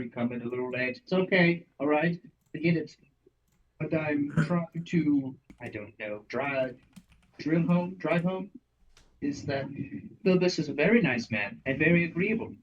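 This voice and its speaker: A man playing a tabletop game, talking dryly and measured in character. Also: on the high side, slight background noise. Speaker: player. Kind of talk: tabletop role-play banter. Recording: distant dull lo-fi mic.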